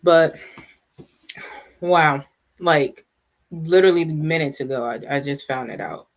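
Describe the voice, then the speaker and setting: A host chatting casually on a live stream, answering viewers' comments and often stopping to restart sentences. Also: medium pitch. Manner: halting, many restarts and asides.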